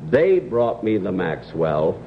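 A man's voice: sits low, sing-song, slow. Older man telling dry comic stories. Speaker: guest comedian. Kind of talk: storytelling anecdotes on a talk show. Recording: dull old TV audio with hiss.

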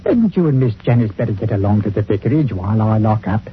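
An actor playing a chatty, deferential village greengrocer in a 1940s radio play, on an old recording. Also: male voice, fairly low pitch, lively intonation, fast talker, dull audio, slight background noise, natural voice. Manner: folksy, deferential, with dropped grammar. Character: chatty village greengrocer and church bell-ringer, deferential man.

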